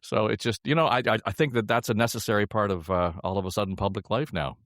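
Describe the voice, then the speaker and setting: A man's voice: lowish voice, fast talker, fairly bright tone, no room sound, studio quality. An older man hosting a political podcast panel in an easygoing, chuckling way. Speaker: podcast host. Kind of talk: casual panel chat.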